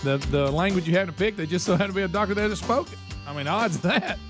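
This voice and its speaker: Co-host: man, animated voice, wisecracking, music faintly behind. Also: sits high, fast. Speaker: radio show co-host. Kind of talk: casual radio banter.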